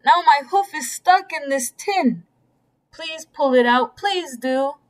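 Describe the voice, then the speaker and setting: A woman's voice: high voice, animated, slow, pitched above the performer's own voice. A woman voicing an old female cow who pleads for help, in a read-aloud storybook. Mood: pleading. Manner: crying, imploring.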